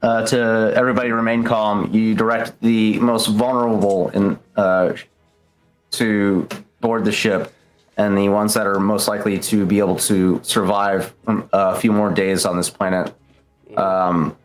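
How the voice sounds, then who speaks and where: A man with a lowish voice narrates a tabletop role-play game as its game master. He talks loosely, with many fillers, and soft music sits faintly underneath. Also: level tone, measured pace. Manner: loose, swears, lots of fillers.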